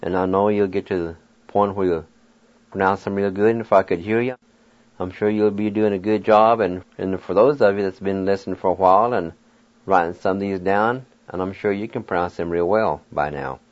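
A man's voice: sits low, fairly even intonation, a little fast, lo-fi sound. A man hosting a radio language lesson who spells words out letter by letter and encourages his listeners. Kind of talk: slow, patient pronunciation lesson.

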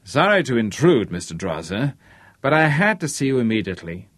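A man's voice: medium pitch, sing-song, fairly quick, fairly bright tone, no echo. A man voicing a brash, pushy businessman who barks his demands. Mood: brusque. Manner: barking, brusque.

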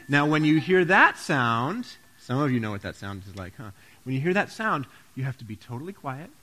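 A man's voice: a little high, pushed and bright. A man giving a playful children's sermon, asking the kids questions and joking with them. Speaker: pastor.

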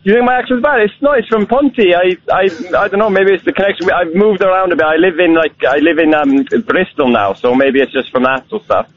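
A young man in his twenties calling a radio show in a put-on Welsh accent, energetic and stumbling over restarts. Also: high-pitched, fairly quick, hardly any pauses. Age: 20s. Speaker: caller. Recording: tinny phone line.

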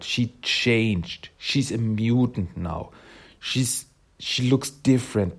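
A man with a lowish voice talks slowly through a comic book recap. He hesitates often and sounds emotionally moved by what he describes. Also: expressive. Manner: hesitant, emotional, many fillers and restarts. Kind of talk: casual spoken recap.

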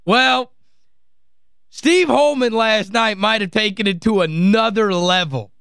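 A man's voice: high-pitched, slow pace, creaky, fairly bright tone, smooth, dry recording, clean studio sound. A man hosting sports talk radio, gleeful and mocking as he plays clips. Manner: gleeful, mocking, laughs often.

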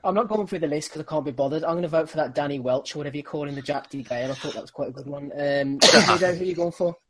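Brisk, offhand male host. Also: fairly high pitch, fairly bright tone. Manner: brisk, offhand, running the votes. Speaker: podcast host. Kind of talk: casual chat.

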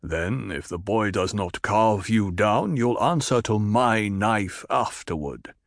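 A man voicing a grave, firm male tribal leader, speaking in a measured way. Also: fairly low pitch, expressive, no echo, clean studio sound. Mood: stern.

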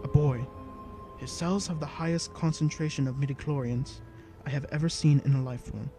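A man voicing a calm, steady older male warrior-monk who speaks in a grave, measured, respectful way. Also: a little high, faint music behind, close to an everyday voice. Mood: earnest.

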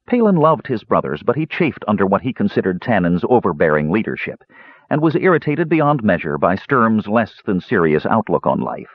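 A man narrating a fantasy audiobook in an expressive storytelling manner. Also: lowish voice, no echo, dull audio.

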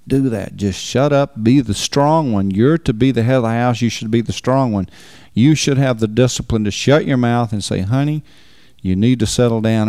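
Man, low gravelly voice, folksy sermon, repeats words for emphasis, dry sound. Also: mellow, no room sound. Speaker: preacher teaching on marriage.

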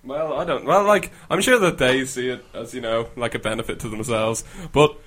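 A young man co-hosting a student radio show, talking in halting, self-correcting bursts. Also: medium pitch, fairly bright tone. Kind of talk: casual banter.

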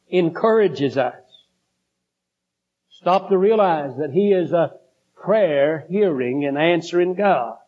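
A man preaching a sermon, slow and deliberate, building in intensity. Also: fairly high pitch, a little mellow. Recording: dull lo-fi recording.

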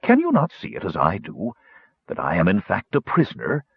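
An ancient, lonely dragon speaks in grand, formal phrases, pleading for freedom, as a man reads him. The voice is low and husky, with pitch that swoops widely. The recording sounds dull and lo-fi. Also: wildly swooping pitch, moderate pace, no room sound, heavily acted.

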